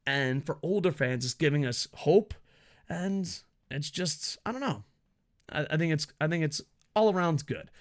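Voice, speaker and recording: A man's voice: fairly high pitch, fairly bright tone. A man giving casual, profane, sarcastic commentary on wrestling news.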